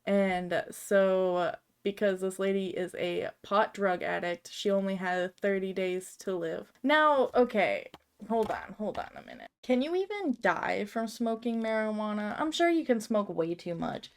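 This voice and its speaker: A woman's voice: mid-range voice, lively intonation, a little slow, clear, resonant tone. A woman giving casual, rambling commentary on memes, with lots of fillers and frequent giggles. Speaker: video creator.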